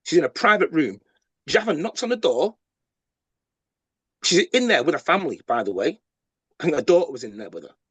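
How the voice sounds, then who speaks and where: A man, a podcast guest, telling a story with animated delivery, quick repeats and acted-out quotes. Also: a little high, husky, dry recording. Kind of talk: storytelling interview.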